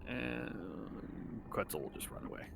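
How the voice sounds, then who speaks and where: A man's voice: fairly low pitch, animated, slow pace, gravelly, noisy background. A man playing a tabletop game, talking casually and hesitantly as he decides what his character does. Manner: hesitant, with fillers and quiet asides. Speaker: player.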